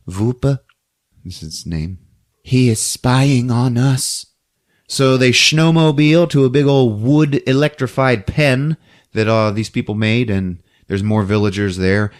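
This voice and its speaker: A man hosting a podcast who recaps a movie in a casual, animated storytelling way. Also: fairly low pitch, normal speed. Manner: animated storytelling, acting out scenes. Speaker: podcast host.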